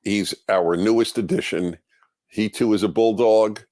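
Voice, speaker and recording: A man's voice: fairly low pitch, fairly even intonation, unhurried, darkish tone, dry recording. An older man giving a scripted video introduction in a sing-song broadcaster's delivery. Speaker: commentator presenting a video.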